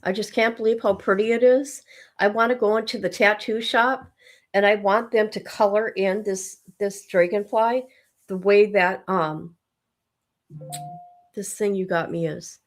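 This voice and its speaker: A woman's voice: medium pitch, fairly even intonation, a little slow. An older woman, a mom and grandma, chatting casually on her livestream in a rambling, sleepy, self-deprecating way. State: sleepy, yawning. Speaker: livestream host. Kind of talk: casual chat.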